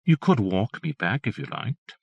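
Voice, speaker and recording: A man reading aloud and voicing a young woman on holiday, with a soft, gently teasing manner in a storybook reading. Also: medium pitch, very animated, moderate pace, creaky, breathy edge, dry recording, dull audio, voice pushed up, heavily acted. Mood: cool teasing.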